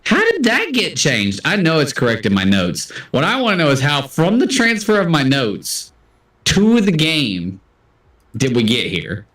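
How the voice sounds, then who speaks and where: A man's voice: on the high side, wildly swooping pitch, measured pace, a bit bright, reverberant, recorded from a distance. A man hosting a casual livestream trivia game, chatty and self-deprecating as he reads out answers. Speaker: trivia host.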